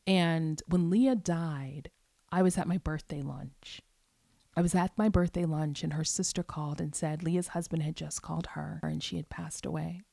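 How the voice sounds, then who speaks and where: Podcast host, woman, gravelly lower voice, candid reflective storyteller, dry close sound. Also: dry recording. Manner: candid, reflective, drops to soft whispers at tender moments; casual, occasionally profane. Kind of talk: personal storytelling monologue.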